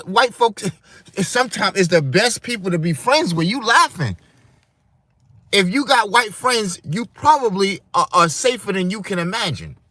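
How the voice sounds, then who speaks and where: A man's voice: sits high, sharp tone, dry recording. Dry-voiced man ranting to his chat. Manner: preachy, rambling, talks to his chat. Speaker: livestream host. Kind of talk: casual livestream rant.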